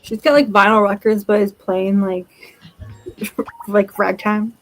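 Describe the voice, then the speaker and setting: A woman's voice: mid-range voice, little pitch movement, slow, faint music behind, low-quality recording. An enthusiastic woman cheering and chatting casually during a game stream. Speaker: co-host streamer. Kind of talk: casual chat.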